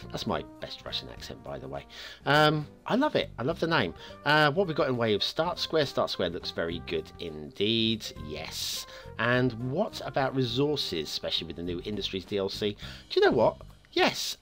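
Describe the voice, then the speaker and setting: A man's voice: fairly low pitch, a bit bright. A man hosting a game map review show, talking in a chatty, upbeat way with playful asides.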